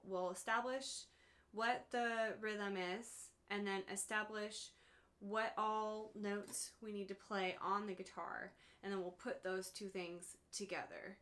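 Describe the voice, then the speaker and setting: A woman's voice: medium pitch, a bit bright. A woman music teacher giving a patient, step-by-step lesson to one student, chanting rhythm syllables as she counts beats.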